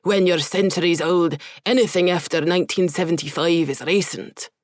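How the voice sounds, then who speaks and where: A woman voicing a pudgy, flamboyant male demon gargoyle, centuries old, who slips into a put-on Scottish brogue and answers with a deadpan manner. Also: on the low side, moderate pace, no room sound, studio quality, lightly acted. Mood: theatrical brogue. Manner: theatrical, deadpan.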